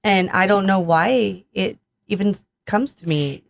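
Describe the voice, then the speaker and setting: A woman's voice: medium pitch, a little slow, vocal fry, no echo, studio quality. A woman co-hosting a casual podcast chat, talking in a hesitant way that is full of fillers.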